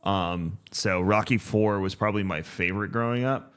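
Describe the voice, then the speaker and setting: A man in his thirties co-hosting a podcast in casual chat, relaxed and halting, with many fillers. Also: on the low side, clear, resonant tone. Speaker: podcast co-host.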